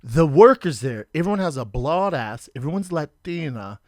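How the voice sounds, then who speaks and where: Podcast host dude, higher voice, acts out every quote, dry mic. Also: male voice, moderate pace, no room sound. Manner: animated storyteller, acts out quotes. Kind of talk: casual podcast chat.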